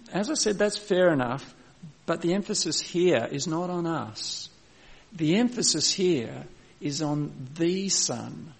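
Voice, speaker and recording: Gravelly-voiced man preaching a sermon. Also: a little high. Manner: slows down to read scripture, restarts phrases. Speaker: pastor.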